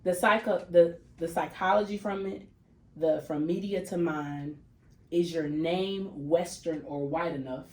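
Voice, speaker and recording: A woman hosting a casual podcast chat, animated and repeating phrases for emphasis. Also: fairly low pitch, measured pace. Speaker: podcast host. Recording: echoey room with faint noise.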